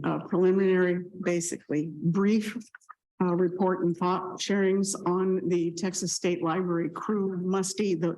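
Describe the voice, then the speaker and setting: A woman reports to a city board in a halting way, pausing on fillers and starting her sentences over. Her voice is wearing thin and hoarse. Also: medium pitch, a little mellow, poor audio. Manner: halting, many fillers and restarts. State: voice going hoarse. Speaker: board member. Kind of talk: reading a report at a public meeting. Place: city meeting room.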